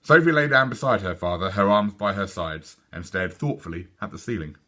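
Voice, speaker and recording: A man reading a children's book aloud in a lively, expressive storytelling voice. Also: low voice, a little fast. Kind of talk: children's read-aloud narration.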